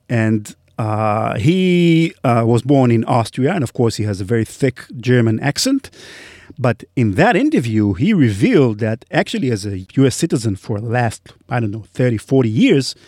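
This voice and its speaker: A man's voice: medium pitch, a little mellow, dry recording, clean studio sound. A man with a Hebrew accent, a podcast host chatting on a live panel, often laughing as he talks.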